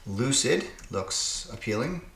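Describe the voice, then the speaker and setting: A man's voice: mid-range voice, big pitch swings, slow, gravelly, fairly bright tone, reverberant, slight background noise. A man hosting his own puzzle channel, thinking aloud and muttering to himself as he solves word games. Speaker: puzzle game channel host. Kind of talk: casual solo puzzle-solving commentary.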